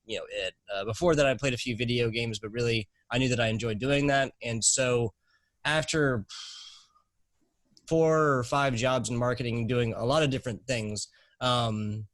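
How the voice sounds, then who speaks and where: A young man from South Carolina, a guest in a casual interview, talking quickly and rambling with many fillers and restarts. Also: mid-range voice, fairly bright tone, no room sound, rough recording. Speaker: guest, esports commentator.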